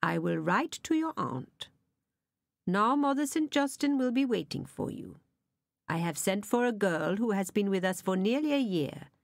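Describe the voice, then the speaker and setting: Gentle steady nun, slow and calm, dry close sound, woman reading. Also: medium pitch, vocal fry, no echo. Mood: calm reassuring. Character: calm, kindly older nun, gentle but firm. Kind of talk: audiobook reading.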